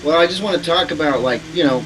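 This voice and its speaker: A man with a slightly raised pitch talks earnestly as a podcast guest, restarting phrases as he looks for words. Faint background noise runs under his voice. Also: fast, a bit bright, rough recording. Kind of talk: casual chat.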